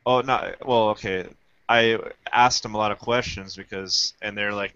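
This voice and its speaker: Low flat-voiced man, dry lo-fi sound. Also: moderate pace, clear, resonant tone, dry recording. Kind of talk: casual panel chat. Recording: dry, dull lo-fi audio.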